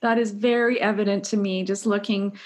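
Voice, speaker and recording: A woman's voice: mid-range voice, fairly even intonation, a little fast. A woman interviewing a fellow singer, asking questions and affirming her with encouraging replies. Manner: encouraging, affirming with short responses. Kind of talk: interview questions and warm comments.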